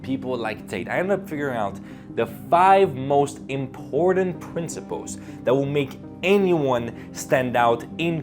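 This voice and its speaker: A male speaking coach giving an energetic motivational talk to camera, emphatic and full of rhetorical questions. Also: medium pitch.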